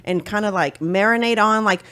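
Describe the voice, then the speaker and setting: A woman co-hosting a casual podcast chat in a studio, chatty and quick to laugh, sometimes reading passages aloud from a book. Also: medium pitch, fairly bright tone, clean tone. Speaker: podcast co-host. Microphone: studio mic.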